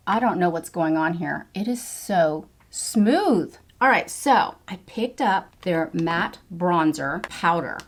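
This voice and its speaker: A middle-aged woman chatting through a makeup tutorial, enthusiastic as she reviews each product. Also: medium pitch. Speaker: beauty vlogger.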